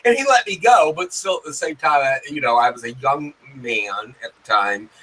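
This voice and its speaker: A man's voice: medium pitch, lively intonation, normal speed, pushed and bright, slight background noise, poor audio. A man as a guest in a casual discussion, talking hesitantly with restarts and fillers.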